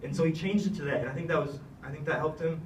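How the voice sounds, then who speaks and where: A young man speaks earnestly at a slightly high pitch, rambling through thanks with plenty of fillers. He stands away from the mic in a roomy, echoing hall, with faint ambience behind him. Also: very fast, slight background noise. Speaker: retiring wrestler giving a thank-you speech. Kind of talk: heartfelt speech. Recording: echoey room, speaker far from mic.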